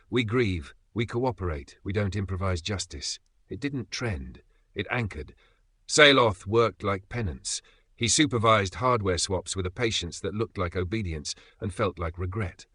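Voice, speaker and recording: A man reading an audiobook in an even, measured narration. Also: fairly low pitch, no room sound.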